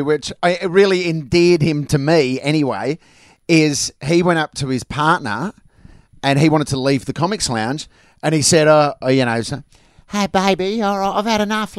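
A man, a comedian, recounting stories in a relaxed chat and chuckling often. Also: a little high, moderate pace, no room sound, studio quality. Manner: laid-back storyteller who chuckles often. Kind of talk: casual chat, anecdote telling.

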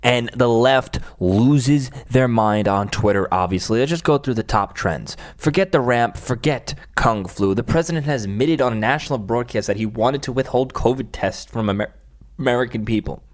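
A man's voice: mid-range voice, moderate pace. A man hosting a livestream, reacting to clips with angry, profane ranting and sarcastic asides. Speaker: livestream host. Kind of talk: political commentary stream.

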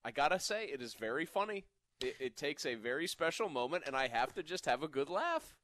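Bright-voiced male sports radio co-host. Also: a little high, big pitch swings, fairly quick, dry recording. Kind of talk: casual sports radio chat.

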